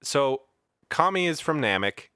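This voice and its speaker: A man co-hosting a casual podcast, recapping a cartoon scene by scene, enthusiastic and quick to laugh. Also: on the high side, very animated, pushed and bright, clear, resonant tone, no room sound, studio quality. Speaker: podcast co-host. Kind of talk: casual chat recapping an anime.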